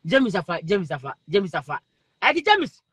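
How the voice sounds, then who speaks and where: A man with a Ghanaian accent hosts a live-stream chat, excitably calling out viewers' names and comments and breaking into laughter. His voice sits very high and sounds bright and forceful. The sound is close and dry. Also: normal speed, husky, no echo. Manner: excitable, laughs often, calls out names repeatedly. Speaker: livestream host reading viewer comments.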